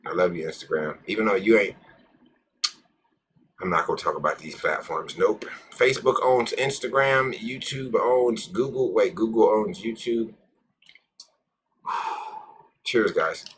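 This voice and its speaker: A man's voice: lowish voice, measured pace, long pauses, a little hiss or hum. A man hosting a casual live stream, rambling, joking with his viewers and cursing freely. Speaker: cannabis live-stream host.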